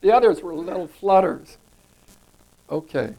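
In a low-quality recording, a man with a slightly high, animated voice and some vocal fry leads a Bible study group at a slightly slow pace. He teaches scripture conversationally, puts questions to the group, and repeats words when he wants to emphasize them.

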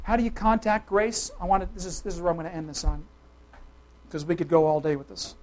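In a mid-range, steady voice, a preacher gives an emphatic, conversational sermon. He moves from loud, forceful declarations to quiet asides, frequently turning to the congregation with quick questions.

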